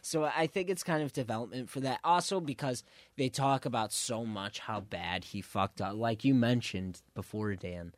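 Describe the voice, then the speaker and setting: A man in a casual movie discussion, animated and acting out lines he quotes. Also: medium pitch, moderate pace, no echo. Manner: animated, acts out quotes, apologetic interrupter.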